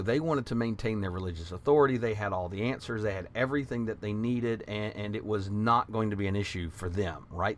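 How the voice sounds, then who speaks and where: A man's voice: lowish voice, fairly quick, hardly any pauses, a little hiss or hum. A man teaching a Bible class in an earnest, conversational way, retelling scripture passages aloud.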